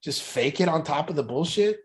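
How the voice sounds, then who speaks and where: A man's voice: on the high side, animated, a little fast, darkish tone. A man who works as an addiction recovery coach, talking bluntly and intensely about truth in families and swearing often. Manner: profane, intense, preachy. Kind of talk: blunt motivational talk.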